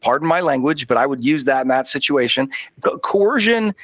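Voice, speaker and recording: A man's voice: mid-range voice, lively intonation, normal speed, a bit bright, no echo. A male guest in a casual chat, giving blunt, indignant opinions.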